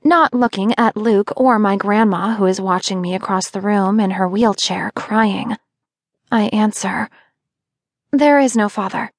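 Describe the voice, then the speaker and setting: A woman reading a first-person audiobook narration in a steady, intimate way. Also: mid-range voice, a little slow, no room sound, studio quality.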